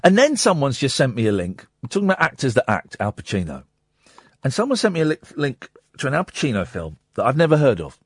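A man hosting a late-night radio show from a studio, talking excitably with stammering restarts. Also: medium pitch, fast, breathy edge, no echo. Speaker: radio host. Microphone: studio microphone.

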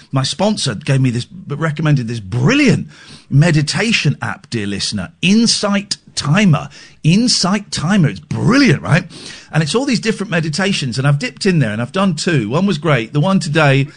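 Guy hosting a late night phone-in, voice up high and bouncing all over, frank and rambly. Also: sing-song, moderate pace, slightly rough. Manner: candid, self-deprecating, rambling with restarts. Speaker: radio host.

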